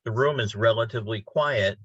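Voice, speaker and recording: A man, a poet, reading his verse with a rhythmic, dramatic delivery, then chatting in a halting way over a laptop microphone. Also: on the low side, a bit bright, breathy edge, no echo. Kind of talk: poetry reading and casual chat. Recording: dull lo-fi sound.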